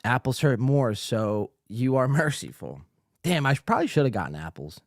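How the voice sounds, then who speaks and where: Out of breath and loudly profane, a live podcast host reads viewer comments in a hyped, yelling manner. His medium-pitched voice is sing-song with vocal fry at normal speed. The studio mic gives a dry, clean recording.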